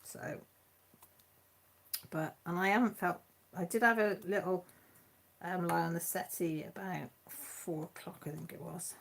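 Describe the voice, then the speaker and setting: A woman's voice: on the low side, fairly even intonation, a little slow, vocal fry, pauses often, slight background noise. A woman hosting a live chat stream, chatting casually and rambling with many restarts, sounding tired.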